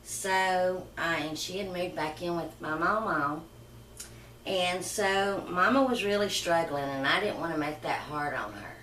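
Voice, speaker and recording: Low-voiced woman telling her story. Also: slight background noise. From Southern United States. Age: middle-aged. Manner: rambling, soft-spoken, emotional reminiscing. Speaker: vlogger. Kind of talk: personal storytelling. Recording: roomy and far from the mic.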